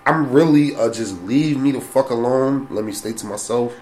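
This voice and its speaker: A man's voice: medium pitch, normal speed, a crowd in the background. A man chatting casually in a heated, profane way. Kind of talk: casual chat.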